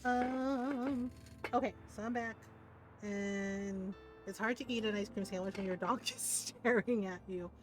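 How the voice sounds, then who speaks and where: A woman's voice: mid-range voice, steady tone, unhurried, soft background music. A woman streamer chatting casually while gaming, laughing often and swearing lightly.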